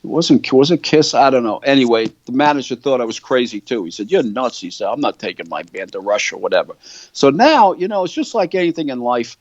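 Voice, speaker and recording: A man's voice: mid-range voice, expressive, brisk, dry recording. An older man, the guest of an interview, telling a long rambling story and often checking in with "right?" and "you know". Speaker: guitar company founder, interview guest. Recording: dull, dry lo-fi sound.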